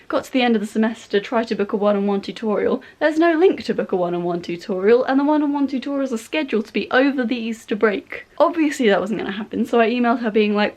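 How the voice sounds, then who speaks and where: A woman's voice: on the high side, animated, quick pace, few pauses, a little mellow. Fed-up young woman venting in a vlog. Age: young adult. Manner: venting, exasperated, chatty. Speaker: vlogger. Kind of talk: casual vlog chat. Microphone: compact camera.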